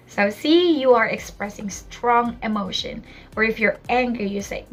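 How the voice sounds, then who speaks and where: Young woman, English teacher, lightly raised pitch, patient explainer, faint music behind. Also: a little slow, fairly bright tone. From Philippines. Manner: patient, explaining with spoken examples. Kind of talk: online English lesson.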